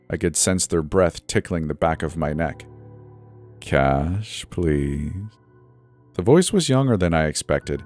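A man's voice: low voice, darkish tone. A man narrating a first-person horror story in a tense, storytelling delivery. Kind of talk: scripted narration. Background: faint background music.

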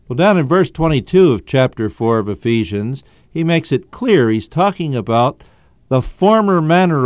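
A man's voice: mid-range voice, a little mellow, smooth, no room sound, clean studio sound. Emphatic man teaching the Bible on radio. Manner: earnest, emphatic, stretches key phrases.

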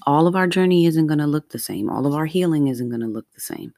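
A woman in her forties talking earnestly and slowly in a heartfelt personal monologue. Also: sits low, lively intonation, vocal fry, mellow, no room sound. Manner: earnest, heartfelt, slow and deliberate. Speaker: vlogger.

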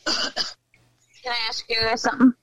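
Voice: medium pitch, monotone, measured pace, fairly bright tone, slight background noise, rough recording. A person in casual chat who keeps asking the others questions.

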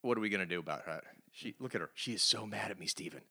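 A man's voice: lowish voice, racing, vocal fry, sharp tone. A man hosting a casual comics news podcast, upbeat and chatty, laughing often. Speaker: podcast host.

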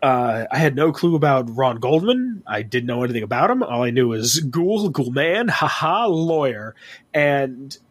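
A young man in casual podcast chat, telling tabletop game stories in an animated, profane way. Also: medium pitch, normal speed.

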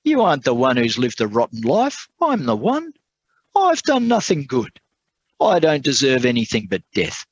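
A man voicing a proud, bitter male prisoner who talks stiffly and protests loudly in a told sermon story. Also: medium pitch, huge pitch swings, moderate pace, breathy edge, no room sound, muffled recording, voice pushed up, full character voice. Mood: desperate, protesting. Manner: stiff, protesting, rising to cries.

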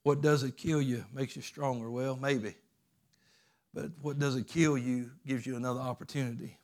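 A man preaching a sermon as pastor, emphatic and repetitive, swinging between loud urgent peaks and quiet low passages. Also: fairly even intonation, moderate pace.

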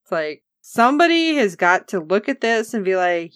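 A woman's voice: mid-range voice, sing-song, moderate pace, fairly bright tone, clear, resonant tone, no echo. Woman chatting about a show, acts out the characters' lines, dry close mic. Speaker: podcast co-host recapping a TV episode. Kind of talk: casual chat.

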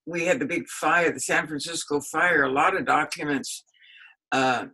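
Older woman historian, bright husky voice, rambling anecdotal interview answers. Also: sits low, moderate pace, rough recording. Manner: rambling and anecdotal, laughs often. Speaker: historian and author being interviewed. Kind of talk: casual spoken recollection.

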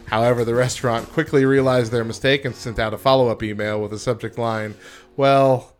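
A man's voice: medium pitch, fairly even intonation, fast talker, faint music behind. A man co-hosting a morning radio show, reading news and articles aloud and chatting loosely with a frequent laugh. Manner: laughs often, reads aloud then riffs loosely. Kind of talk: casual radio chat and reading.

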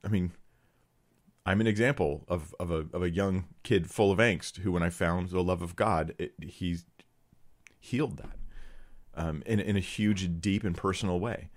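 A man's voice: low voice, moderate pace. A man giving blunt, sarcastic Bible commentary to his viewers, reading verses and critiquing a teaching.

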